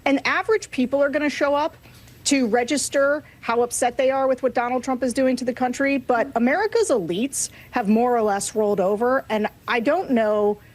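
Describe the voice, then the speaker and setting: A woman guest delivers political commentary. She sounds frustrated and earnest throughout. Her voice sits a touch high. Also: normal speed.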